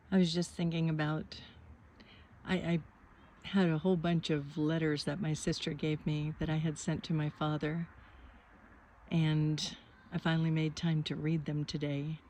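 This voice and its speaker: A woman in her fifties, talking outdoors on a mountaintop in a soft, musing, rambling way as a vlogger. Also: deep voice. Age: 50s. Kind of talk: reflective vlog monologue.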